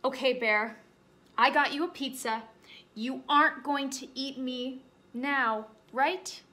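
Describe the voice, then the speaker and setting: A woman's voice: sits high, slow pace, sharp tone, full character voice. A woman reading as a timid little bunny. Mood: pleading. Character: small timid bunny rabbit, polite and nervous.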